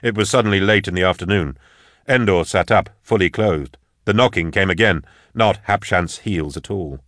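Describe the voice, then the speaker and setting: Low-voiced male audiobook narrator. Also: normal speed, fairly bright tone, no echo, studio quality. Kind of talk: scripted narration.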